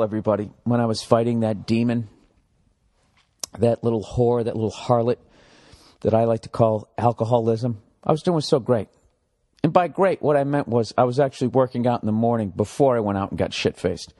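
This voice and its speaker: Foul-mouthed man rambling on a podcast. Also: high voice. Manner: profane, rambling and sarcastic. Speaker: podcast host. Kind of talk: casual solo podcast monologue.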